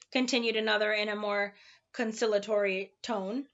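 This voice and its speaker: A woman narrating a children's storybook aloud in an expressive, animated way. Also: a little high, normal speed, highs cut off.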